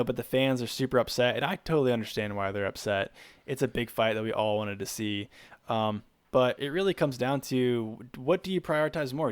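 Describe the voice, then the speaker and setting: A man's voice: medium pitch, smooth, no echo. A man co-hosting a podcast, chatting casually and rambling with fillers on a close mic. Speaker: podcast co-host. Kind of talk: casual chat.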